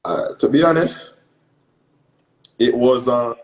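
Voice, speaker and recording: A man's voice: medium pitch, lively intonation, unhurried, pauses often, a little mellow, poor audio. A young Jamaican man answering interview questions in an earnest, reflective way. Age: young adult. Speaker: guest athlete.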